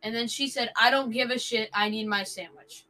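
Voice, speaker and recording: A woman's voice: a little high, moderate pace, low-quality recording. A woman telling her side of a story in a casual chat among friends, recounting events step by step. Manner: steady first-person retelling.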